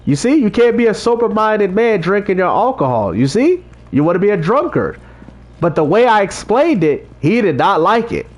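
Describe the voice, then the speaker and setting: A man with a fairly high voice chats with his livestream viewers about faith. He talks like a street preacher, direct and repetitive, checking that chat is following him. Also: big pitch swings, moderate pace. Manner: talks straight to chat, repeats himself, preachy street-evangelist talk. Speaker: livestream host reading chat.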